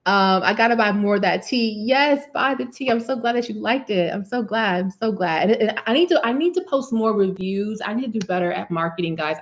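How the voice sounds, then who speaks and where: A young woman, a cosmetic chemist, chatting casually on a livestream Q&A, reading out comments, repeating herself and laughing often. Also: mid-range voice. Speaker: cosmetic chemist hosting a live Q&A.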